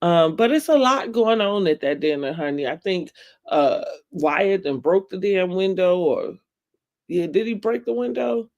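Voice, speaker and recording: A woman's voice: fairly low pitch, animated, a little slow, a little mellow. Chatty opinionated woman recapping a show. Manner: chatty and opinionated, laughs often, addresses viewers as y'all. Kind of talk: casual TV recap chat to viewers.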